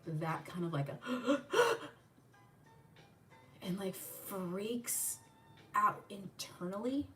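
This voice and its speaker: A woman hosting her channel, telling a profane, animated story while doing a makeup tutorial, acting out the people in it. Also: fairly low pitch, recorded from a distance. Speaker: channel host.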